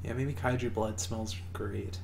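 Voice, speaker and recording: A man's voice: fairly low pitch, steady tone, a little slow, vocal fry, a little mellow, a little hiss or hum. A man co-hosting a casual movie commentary, laid-back with short dry remarks. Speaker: podcast co-host.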